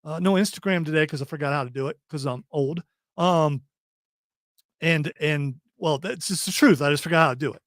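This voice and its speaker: A man's voice: on the high side, brisk, fairly bright tone, no echo, clean studio sound. A man hosting a casual radio chat show, rambling, repeating himself, self-deprecating.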